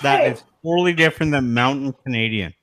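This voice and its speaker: A streamer in a casual group chat, joking and swearing freely. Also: male voice, mid-range voice, quick pace. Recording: noisy online call audio.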